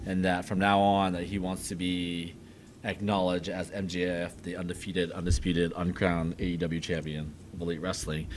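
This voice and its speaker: Deep-voiced man with faint hiss behind. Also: level tone, moderate pace. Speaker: podcast co-host. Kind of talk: casual wrestling recap chat.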